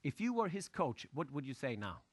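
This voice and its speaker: A man lecturing an audience with lively storytelling, asking questions and using loose, broken grammar. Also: mid-range voice, brisk, husky, no room sound. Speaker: motivational speaker.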